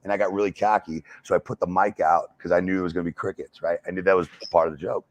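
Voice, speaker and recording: American man, very low voice, dry mic, profane casual storyteller, filler-heavy. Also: steady tone, quick pace, no room sound. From United States. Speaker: wrestler and stand-up comic guest. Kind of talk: casual uncensored interview.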